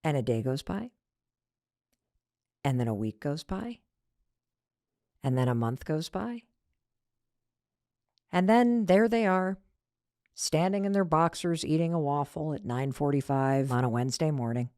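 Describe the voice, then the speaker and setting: A woman's voice: sits low, a little slow, long pauses, dark tone, dry recording, clean studio sound. A middle-aged woman giving a motivational talk, telling a family story and acting out the voices of the people in it. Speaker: motivational speaker.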